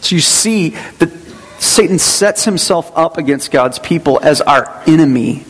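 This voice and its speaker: A man's voice: a little high, animated, a little slow, fairly bright tone, breathy edge. A man preaching a Sunday sermon as pastor in a church, in a conversational way with asides and restarts. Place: church sanctuary. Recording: long hall reverb.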